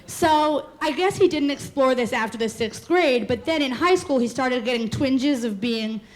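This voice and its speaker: A high-pitched woman in her twenties performs a live comic storytelling set, quick and animated, often laughing through her lines.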